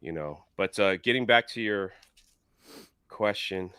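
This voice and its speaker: Man, low but bright, smooth, halting, dry close mic. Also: dry recording. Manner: halting, full of "uh". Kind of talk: casual live-stream chat.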